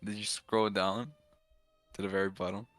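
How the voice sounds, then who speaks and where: A man's voice: on the low side, flat delivery, moderate pace, fairly bright tone, soft background music. A man in his thirties, a guest on a voice chat, talking in a laid-back, playfully innocent way. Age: 30s. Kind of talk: casual chat.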